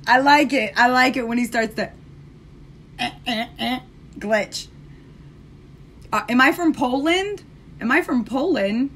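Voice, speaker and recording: Live-stream host: American woman, sassy and talkative, bright tone. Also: fairly high pitch, unhurried, pauses often, slight background noise. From United States. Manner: chatty, sassy, talks straight to viewers. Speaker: live-stream host doing her makeup. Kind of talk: casual live chat.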